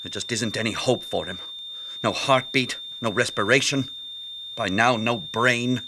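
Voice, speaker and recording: An actor playing a weary, bitter hospital doctor in a radio drama, brusque and scornful. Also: male voice, medium pitch, measured pace, background noise, lightly acted.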